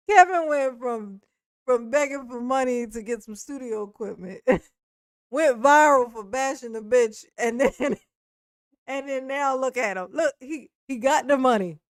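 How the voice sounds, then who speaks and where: A woman's voice: high-pitched, no room sound, clean studio sound. A woman giving blunt, profane reaction commentary, laughing often. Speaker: commentary host reacting to a clip.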